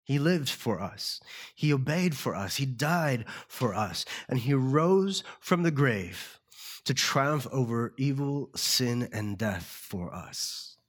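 A man preaching a sermon as pastor, earnest and slowing down to stress key words. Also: mid-range voice, animated. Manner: earnest, slows down for emphasis.

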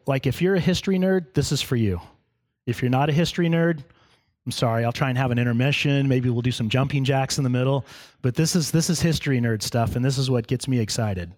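A man's voice: medium pitch, a little mellow. A man preaching in a church in a conversational sermon, with humorous asides to the congregation. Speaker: pastor.

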